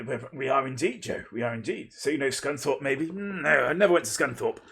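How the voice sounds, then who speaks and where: A man's voice: mid-range voice, vocal fry, sharp tone, husky. A man from Lincolnshire, casually chatting and rambling playfully as a livestream host, thanking viewers and interrupting himself. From Lincolnshire, England.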